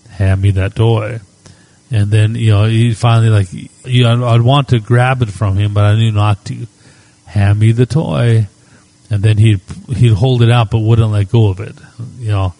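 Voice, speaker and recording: A middle-aged man preaching as a pastor, moving between quiet spoken prayer and reflective storytelling. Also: on the low side, fairly even intonation, no echo, rough recording. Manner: unhurried, reflective storytelling with soft prayerful asides.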